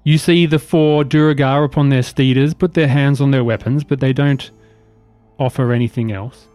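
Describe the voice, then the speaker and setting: A man running a tabletop game as game master, describing scenes in measured, detailed narration. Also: medium pitch, fairly even intonation, a little mellow, dry recording.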